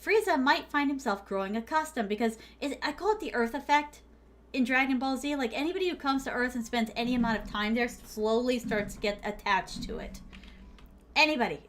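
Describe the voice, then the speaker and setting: Woman streamer, casual rambling storyteller, laughs a lot, high voice. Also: fairly quick, fairly bright tone. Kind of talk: casual game-stream chatter.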